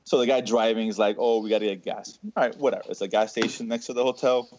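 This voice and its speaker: A man on a podcast telling a funny story in casual chat, animated and saying "dude" all the time. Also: on the low side, fast, no echo. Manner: animated, says "dude" constantly. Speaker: podcast co-host. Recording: slightly muffled dry sound.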